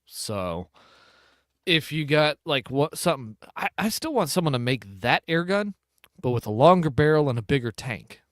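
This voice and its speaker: A man's voice: fairly high pitch, very animated, normal speed, no room sound. Rambling man with a dry, close sound. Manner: rambling, self-interrupting. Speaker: podcast host. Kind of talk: casual chat.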